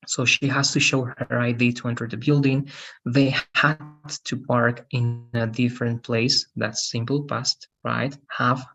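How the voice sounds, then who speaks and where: An English teacher records a grammar lesson for students to watch later, speaking at an ordinary middle pitch with a fairly bright, slightly breathy tone. He explains carefully, restarts phrases, and keeps checking understanding with quick tag questions.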